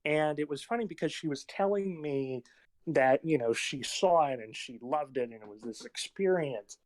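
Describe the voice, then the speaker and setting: A man's voice: on the high side, moderate pace, dry recording. A man hosting a casual film podcast, telling stories in a rambling way with plenty of fillers. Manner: rambling anecdotes with many fillers. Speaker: podcast host.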